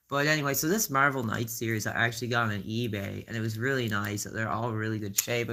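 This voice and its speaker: A man's voice: medium pitch, sharp tone. A man chatting casually to his stream members, rambling and enthusiastic as he shows off his comic collection. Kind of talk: casual chat to viewers.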